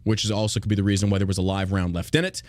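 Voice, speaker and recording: A man's voice: sits low, flat delivery, rapid-fire, no echo. A man hosting a podcast, talking bluntly and profanely in a mocking, opinionated rant. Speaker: podcast host.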